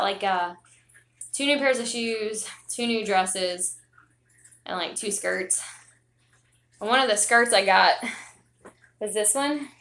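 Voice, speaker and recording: A woman's voice: mid-range voice, vocal fry, fairly bright tone. A young woman vlogging casually at home on her phone, chatting in a rambling way with lots of fillers, out of breath. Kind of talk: casual livestream chat. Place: home, indoors.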